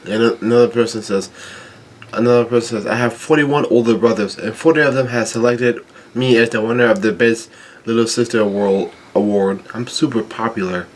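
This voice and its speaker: A man reading a comic chapter aloud, stumbling, restarting words and filling pauses with ums. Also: medium pitch, slight background noise. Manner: halting, with frequent restarts and ums. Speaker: manga chapter reader.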